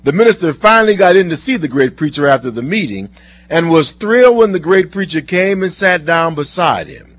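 Earnest, husky-voiced male preacher. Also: on the high side, lively intonation, no room sound. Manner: earnest, slowing down for scripture. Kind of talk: sermon with told stories and scripture reading. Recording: dull lo-fi recording.

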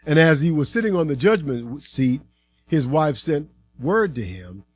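A man giving a dramatic Bible reading, expressive in delivery. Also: fairly high pitch, a little slow. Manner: expressive, acting out the voices in quotes. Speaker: scripture reader.

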